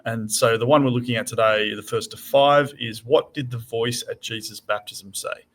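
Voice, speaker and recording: A man co-hosting a relaxed book discussion who reads long passages aloud and then explains them. His delivery is measured and steady, at an ordinary middle pitch for a man. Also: slight background noise. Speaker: co-host.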